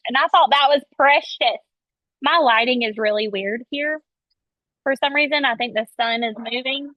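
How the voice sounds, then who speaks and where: A woman's voice: high voice, moderate pace, dry recording. A woman leading her sales team on a video call, chatty and enthusiastic as she coaches. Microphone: video call, webcam. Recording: dull lo-fi call audio, dry.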